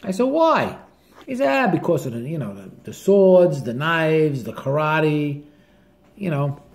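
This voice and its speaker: An older man with a thick New Jersey accent tells stories to the camera in a loose, casual way. He is blunt and salty and swears without a second thought. His voice sits slightly high for a man. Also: very animated, measured pace. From northern New Jersey. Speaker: barber and author telling stories.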